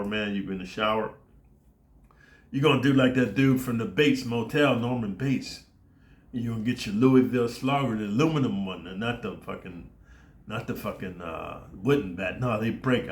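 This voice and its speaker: A middle-aged man telling a story in a brash, foul-mouthed rant for his channel, often dropping "man" and "dude". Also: lowish voice. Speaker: YouTube storyteller. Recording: roomy echo.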